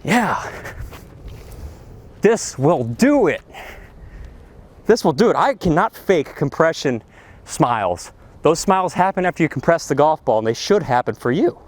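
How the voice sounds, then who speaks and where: A golf instructor bursting with enthusiasm, his slightly high voice swooping up and down as he shouts about good contact. He teaches outdoors on the practice ground, talking straight to the camera. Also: moderate pace. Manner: excitable, exclamatory, enthusiastic. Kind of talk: energetic golf lesson to camera.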